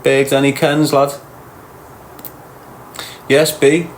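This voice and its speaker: A middle-aged man with a Liverpool accent hosts a livestream, reading viewers' comments aloud and bantering with them in a crude, teasing, slangy way. His mid-range voice is flat and extremely slow, with slight background noise.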